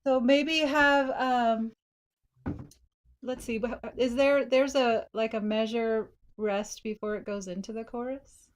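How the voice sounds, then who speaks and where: In a casual feedback session, a woman coaches a songwriter, thinking aloud and singing lyric lines to demonstrate phrasing. Her voice is a little high with a slight frog in her throat, and she speaks slowly with fairly even intonation.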